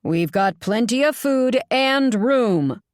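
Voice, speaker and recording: A woman's voice: fairly high pitch, expressive, slow, dry recording, clean studio sound, voice pushed up. A woman narrator voicing a domineering older father who taunts his daughters in a smug, offhand way. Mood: taunting.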